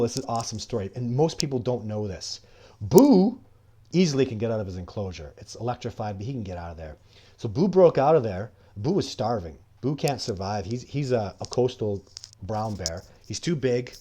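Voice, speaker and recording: A man's voice: mid-range voice, mellow, breathy edge. A middle-aged man from Canada, hosting a live stream and answering chat questions in a rambling, casual way that turns heated and indignant.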